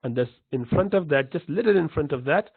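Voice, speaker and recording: A man teaching pronunciation in a slow, patient lesson, repeating each sound to demonstrate it. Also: a little high, lively intonation, breathy edge, dry recording. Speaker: Quran recitation teacher. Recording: dry, tinny phone-like line.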